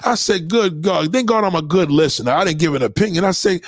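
A man's voice: sits high, quick pace, no room sound, clean studio sound. A middle-aged man, ranting in a profane comedic monologue and acting out quotes. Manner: animated, swearing, acts out quotes.

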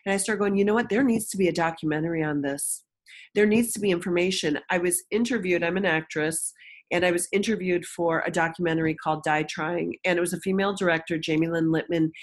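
A woman's voice: lowish voice, steady tone, fast talker. A woman guest in an interview, frankly telling a personal story and acting out the voices of people she quotes.

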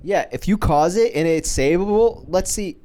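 Male podcast co-host, slightly high voice, pushy and argumentative in loose chat. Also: moderate pace, warm tone. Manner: argumentative, explains with hypotheticals. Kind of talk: casual profane banter.

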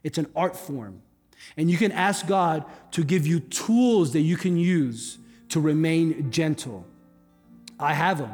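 Higher-pitched male guest pastor preaching. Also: lively intonation, slow pace, a little mellow. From Cuba. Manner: conversational, joking asides. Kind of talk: sermon. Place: church hall. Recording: long hall reverb with faint music.

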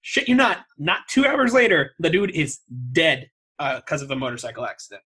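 A man's voice: fairly high pitch, very animated, normal speed, bright, forceful tone, slightly rough. A man co-hosting a casual chat show, telling a story in a wry way, swearing freely and laughing at himself. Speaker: podcast co-host.

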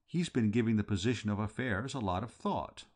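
A man voicing a timid, lovesick young English gentleman who speaks in a flat, hesitant way. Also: on the low side, fairly quick.

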